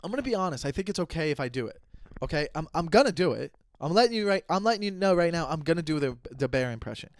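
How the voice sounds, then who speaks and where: A man's voice: a little high, expressive, fast talker, no echo. A man in his thirties hosting a solo comedy podcast, rambling and self-aware, making jokes and often restarting his sentences. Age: 30s. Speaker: podcast host.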